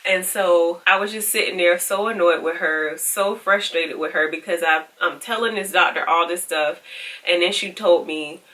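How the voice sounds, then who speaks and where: A woman's voice: lowish voice, normal speed, pushed and bright, recorded from a distance. A woman vlogging, frankly and with exasperation retelling a story and quoting the people in it. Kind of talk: casual storytelling to camera.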